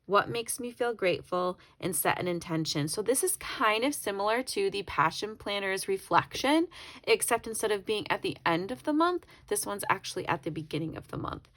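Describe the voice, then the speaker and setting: A planner YouTuber chats her way through a planner flip-through, rambling and correcting herself, and briefly becomes tearful. Her mid-range voice is animated, fairly bright, and at normal speed.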